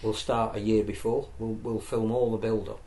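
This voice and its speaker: A man's voice: lowish voice, little pitch movement, normal speed, warm tone. A man co-hosting a sports podcast, talking casually with frequent restarts and repeated words. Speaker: podcast co-host.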